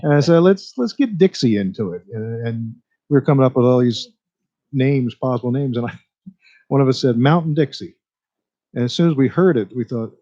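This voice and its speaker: A man, a guest musician on a radio show, talking in a relaxed, easygoing way. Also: medium pitch, normal speed. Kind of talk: casual radio interview. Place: radio studio. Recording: dull lo-fi radio broadcast.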